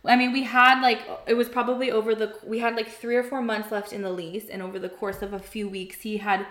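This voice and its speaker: A young woman telling a personal story in casual chat, candid and animated, swearing and filling her talk with "like". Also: fairly high pitch, brisk, reverberant. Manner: candid, animated, swears freely, many fillers.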